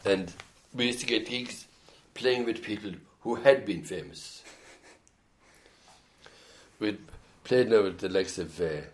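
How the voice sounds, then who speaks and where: A man's voice: lowish voice, slow, slight background noise. An older man with an Irish accent telling rambling stories in an oral history interview, full of hesitant restarts. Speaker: interviewee, former band musician.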